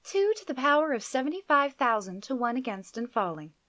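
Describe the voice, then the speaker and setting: A woman voicing a calm, pleasant female spaceship announcer in a live book reading. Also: high-pitched, a little fast, no echo, studio quality, pitched above the performer's own voice.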